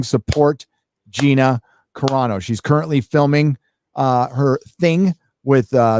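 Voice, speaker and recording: A man hosting a live stream, chatting casually and reading out donations in a rambling, profane, excitable way. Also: mid-range voice, dry recording.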